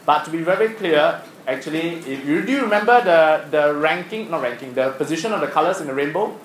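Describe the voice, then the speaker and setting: A man's voice: a little high, expressive, brisk, roomy sound, a little hiss or hum, rough recording. A man teaching science to a class, asking questions and teasing students. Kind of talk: classroom lesson.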